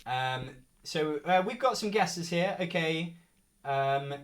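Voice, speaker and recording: A man's voice: fairly high pitch, animated, slow, fairly bright tone. A young man co-hosting a live game show stream, joking around and reading viewer comments aloud.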